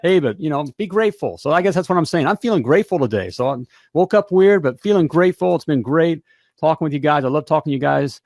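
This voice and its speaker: A man's voice: on the high side, animated, fast, darkish tone, dry recording. An American man hosting a live talk show from a home studio, talking in an upbeat, rambling way with lots of fillers and repeats. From United States. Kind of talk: casual live show chat.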